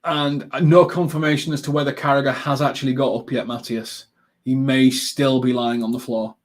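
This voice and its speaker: During a live football watchalong he's hosting, a man with a mid-range voice chats casually and rambles to his viewers. His speech is packed with ums, with sudden excited bursts whenever something happens on the pitch.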